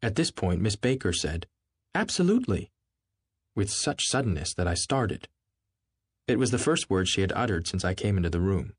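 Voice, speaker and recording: A man reads a classic novel aloud in a measured, even narration. His voice sits very low. The recording is dry and close, with no room sound. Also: husky, no room sound. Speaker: audiobook narrator. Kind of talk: scripted literary narration.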